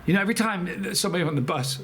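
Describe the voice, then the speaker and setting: A man hosting a chili pepper channel, talking casually to camera in a rambling, halting, emotional way with many restarts. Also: high-pitched, fairly bright tone, slight background noise. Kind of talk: casual vlog talk to camera.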